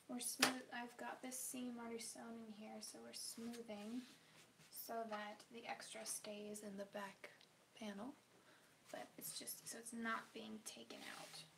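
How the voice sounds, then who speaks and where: A woman with a slightly high, gravelly voice talks slowly through her sewing on a home livestream. She keeps slipping into muttered whispers to herself. The audio carries clear background noise. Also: little pitch movement. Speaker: sewing vlogger. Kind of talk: casual livestream chat while sewing.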